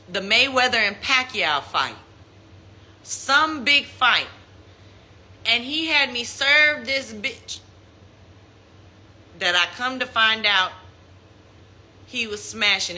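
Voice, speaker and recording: A young woman tells a personal story in casual live-stream talk, acting out quotes in a mocking high voice. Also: lively intonation, takes it slowly, pauses often, sharp tone. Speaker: Instagram live host. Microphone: phone.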